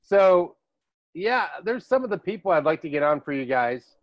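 A man's voice: high-pitched, sing-song, normal speed, no room sound. A man hosting a podcast in casual chat, rambling through stories and laughing often. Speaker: podcast host. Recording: dull dry lo-fi recording.

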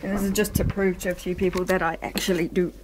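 A woman's voice: lowish voice, level tone, quick pace, background noise. A young woman chatting casually in an offhand, matter-of-fact way as a vlogger, in a home kitchen late at night. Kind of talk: casual chat.

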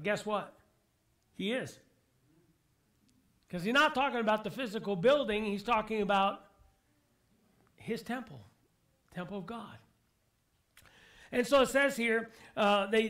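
A male pastor preaches to his church congregation in an unusually high voice. He presses his points with emphatic repetition and rhetorical questions, reading scripture aloud and then explaining it. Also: moderate pace, pauses often, a bit bright. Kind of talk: sermon.

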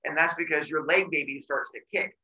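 A man teaching a class by retelling a myth in an animated, jokey way with deadpan asides. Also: a little high, fairly quick, highs cut off, heavy background noise. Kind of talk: comic myth storytelling to a class.

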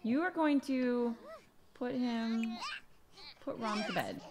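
A woman's voice: a little high, takes it slowly, a little mellow. A woman hosting a casual gaming video, talking to herself as she plays, often exclaiming and laughing. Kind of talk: casual let's-play commentary. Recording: background noise.

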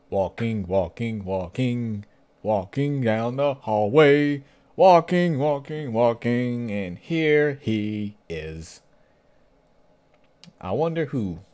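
A young man talks through a webcomic chapter in a loose, joking way, reading the lines out and riffing on them. His pitch sits in the middle but swings widely as he goes. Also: very slow, pauses often. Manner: animated, jokey, reads comic lines aloud and riffs on them. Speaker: webcomic reaction host. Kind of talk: casual reaction commentary reading a comic aloud.

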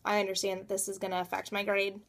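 A woman's voice: medium pitch, monotone, fast talker. A woman in her thirties talking through a personal motivational vlog, emphatic and repeating words for stress. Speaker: coach and realtor.

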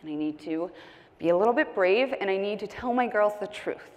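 Young woman, candid comic speaker, mid-pitched voice ringing in a big reverberant hall. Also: a little fast. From United States. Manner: animated, candid, jokey. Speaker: keynote speaker. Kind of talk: comedic personal storytelling speech. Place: large conference hall stage.

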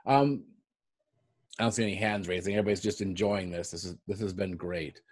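A male radio host, interviewing a guest in a halting, enthusiastic way. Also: sits low, steady tone, breathy edge, no room sound. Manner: enthusiastic, halting, lots of fillers. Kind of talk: casual interview.

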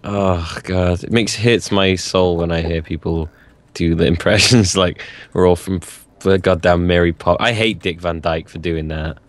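A man's voice: deep voice, steady tone. A young British man chatting and joking while he plays a game. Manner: teasing, jokey, quick to laugh. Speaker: game commentator. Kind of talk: casual gaming chat.

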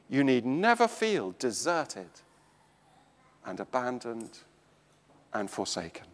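An English man preaching a slow, emphatic sermon in a church. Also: expressive, long reverb tail. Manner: slow, emphatic preaching with dramatic swings of pitch and volume.

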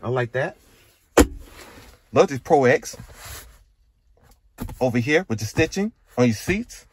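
Taking it slowly, a man with a mid-range, lively voice gives casual walkaround commentary on a pickup truck, both on the dealership lot and inside it. He names features in short, relaxed phrases while background noise hums along.

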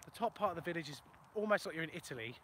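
Tradesman host, raised pitch, self-mocking, casual live-stream chat in the open countryside. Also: expressive, racing, a bit bright, slight background noise. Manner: chatty, self-mocking, answers viewer questions. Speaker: plumber and video host. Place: outdoors in a ploughed field in the countryside. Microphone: phone for a live video.

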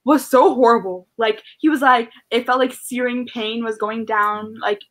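A woman's voice: on the high side, normal speed, a bit bright. A young woman in casual chat with friends, ranting with exasperation about characters she finds foolish. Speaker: book discussion participant.

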